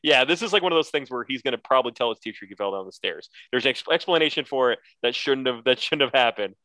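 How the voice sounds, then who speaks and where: A man's voice: mid-range voice, animated, fast, sharp tone, no room sound. A man co-hosting a casual podcast, recapping a cartoon episode and breaking into silly character voices. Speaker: podcast co-host.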